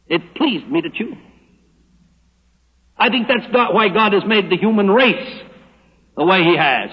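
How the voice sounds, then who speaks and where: An older man preaches with emphatic, drawn-out stress on every verse he quotes. His voice sits high and a little husky. It comes through a dull, lo-fi old radio recording with a long hall reverb. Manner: emphatic, slows down to stress scripture. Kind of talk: sermon. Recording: hollow old radio broadcast with hall echo.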